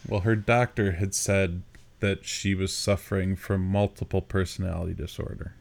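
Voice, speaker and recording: A man with a fairly low voice, talking casually as a podcast co-host. He chimes in with details and keeps the conversation moving. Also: fairly even intonation, normal speed, vocal fry. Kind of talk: casual movie recap chat.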